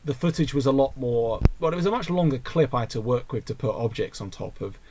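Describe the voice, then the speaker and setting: Young man, podcast host, casual voice call, rambling with restarts, average pitch. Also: lively intonation, a little fast, a little mellow, no echo. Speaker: podcast host reading listener questions. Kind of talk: casual chat over a voice call.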